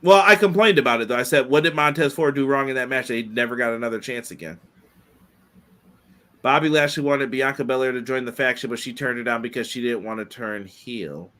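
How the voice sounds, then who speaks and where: A man co-hosting a casual wrestling podcast, giving animated, quick opinions with many fillers. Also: medium pitch. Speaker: podcast co-host.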